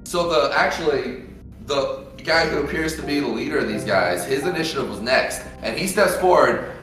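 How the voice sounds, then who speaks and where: A man running a tabletop game as dungeon master, narrating loosely and excitably with plenty of swearing. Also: fairly high pitch, normal speed. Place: shared room, recorded live. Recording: very echoey room with faint music.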